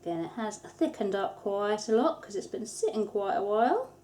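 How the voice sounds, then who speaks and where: A woman narrates a hands-on craft tutorial as its host. She sounds casual and chatty, with light self-deprecating humour. Her voice sits at an ordinary middle pitch. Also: very animated, moderate pace, a little mellow. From England. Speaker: soap maker, tutorial host.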